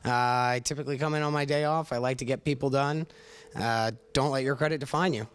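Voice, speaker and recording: A man's voice: mid-range voice, fairly even intonation, a little fast, smooth. Modest, hesitant young-sounding salesman. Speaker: car salesman. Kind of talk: casual interview answers.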